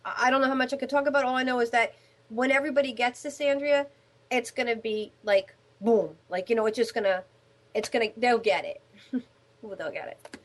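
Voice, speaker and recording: A woman host chats with lively, rambling enthusiasm. Her voice is high and she talks fast. She often breaks off and restarts her sentences. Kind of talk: casual chat.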